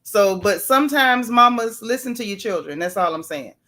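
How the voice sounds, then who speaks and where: A woman's voice: medium pitch, normal speed, sharp tone. A woman hosting a casual livestream, chatting and greeting viewers by name with folksy asides. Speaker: YouTube livestream host.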